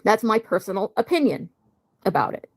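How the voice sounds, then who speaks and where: A woman's voice: medium pitch, sing-song, normal speed, husky, no room sound. A woman creator on a livestream, airing grievances in an aggrieved, repetitive way. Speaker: online creator. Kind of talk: livestream complaint.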